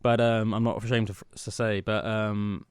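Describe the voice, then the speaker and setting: Young man, podcast co-host, casual rambling chat, smooth resonant tone. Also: lowish voice, flat delivery, moderate pace, no room sound. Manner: rambling, self-mocking storyteller. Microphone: studio mic.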